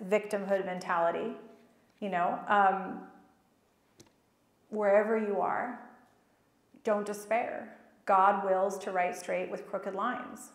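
Woman, faith-event speaker, lively and self-mocking storyteller, mid-pitched, miked in a reverberant hall. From child of Egyptian parents, raised in America. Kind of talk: personal storytelling talk. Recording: echoey hall.

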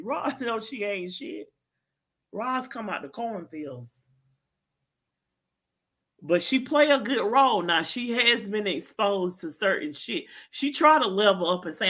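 A woman's voice: medium pitch, a bit bright. A woman hosting a live stream, ranting in a brash, profane way and laughing as she goes. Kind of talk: heated live-stream rant.

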